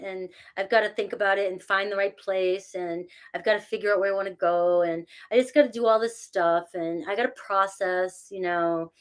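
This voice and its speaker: A woman's voice: medium pitch, normal speed, hardly any pauses. A middle-aged woman chatting casually with her live viewers, self-mocking, laughing often and thanking them by name. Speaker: tarot reader talking to live chat. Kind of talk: casual live-stream chat.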